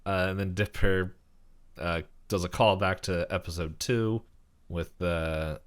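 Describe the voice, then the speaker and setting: A man's voice: sits low, steady tone, a little slow, clean tone. A young man co-hosting a podcast, casually recapping a cartoon episode in a rambling way, with lots of fillers and laughter. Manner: rambling, many fillers, laughs while talking. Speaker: podcast co-host.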